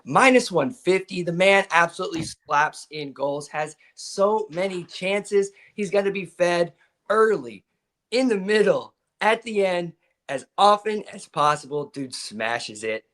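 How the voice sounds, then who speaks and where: A man's voice: a little high, measured pace, fairly bright tone. A man on a live sports betting show, explaining his soccer picks with enthusiasm.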